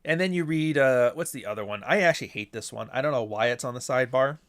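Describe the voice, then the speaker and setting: A man with a medium-pitched, slightly bright voice hosts a podcast on his own, talking fast. His casual solo monologue rambles along with swearing and mocking asides.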